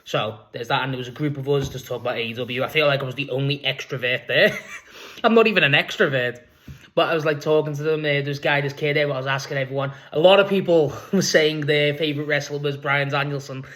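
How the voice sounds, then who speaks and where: A man's voice: fairly high pitch, fast talker, a bit bright. A man with a Liverpool accent telling a rambling, sweary story in a casual vlog. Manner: rambling, sweary, laughs while talking. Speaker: vlogger.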